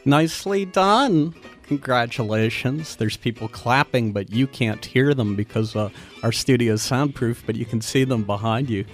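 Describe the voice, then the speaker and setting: A man's voice: mid-range voice, normal speed, few pauses. Easygoing guy hosting a radio show, chatty station announcements, faint guitar music behind him. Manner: relaxed, conversational announcing. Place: soundproof radio studio.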